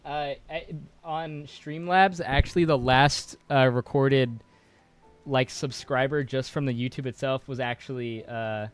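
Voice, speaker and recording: Laid-back young male co-host, mid-pitched, crude jokes, faint jazz behind. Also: fairly even intonation, a little slow, smooth, faint music behind. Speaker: co-host of a stream. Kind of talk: casual stream chat. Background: royalty-free jazz.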